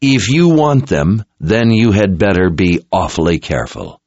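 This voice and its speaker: A man's voice: sits low, sing-song, measured pace, darkish tone, no echo, full character voice. A man voicing a haughty, arrogant male sorcerer who drawls his words. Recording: dull lo-fi recording.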